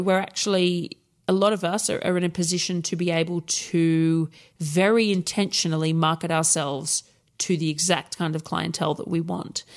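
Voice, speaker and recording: Candid, sweary woman telling stories. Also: on the low side. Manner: candid and sweary, with frequent laughs; lively storytelling, acting out past conversations. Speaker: podcast co-host. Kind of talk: casual chat.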